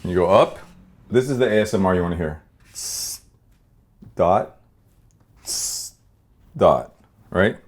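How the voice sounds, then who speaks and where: A man's voice: deep voice, expressive, slow pace, pauses often. A man giving a casual drawing demonstration, rambling irreverently, swearing freely and bantering with himself as he works. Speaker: artist teaching a drawing demo.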